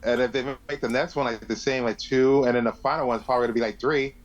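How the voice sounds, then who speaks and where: A man's voice: mid-range voice, steady tone, quick pace, dull audio. Blunt man ranting on a podcast. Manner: blunt, swearing, fan rant. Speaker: podcast co-host. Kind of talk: casual chat.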